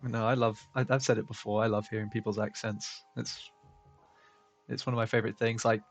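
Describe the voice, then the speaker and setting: A man's voice: fairly low pitch, level tone, a little fast. A man co-hosting a drawing live stream, chatting casually, laughing often and reading viewer comments aloud. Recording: faint background music.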